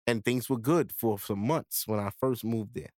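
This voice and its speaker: A man's voice: mid-range voice, moderate pace, darkish tone, no echo, clean studio sound. A young man hosting a podcast, telling a candid personal story in profane street slang. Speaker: podcast host. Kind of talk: casual storytelling monologue.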